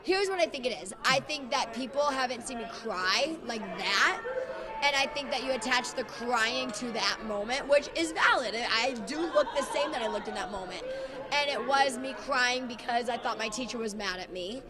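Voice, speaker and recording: A woman's voice: on the high side, lively intonation, normal speed. A young woman dancer chatting in a bubbly, emphatic way as an interview guest. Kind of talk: casual chat. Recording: clear crowd chatter behind.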